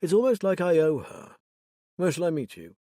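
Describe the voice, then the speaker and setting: A man's voice: on the high side, very animated, normal speed, warm tone, dry recording, clean studio sound, pitched above the performer's own voice. A man voicing a polite, eager helper.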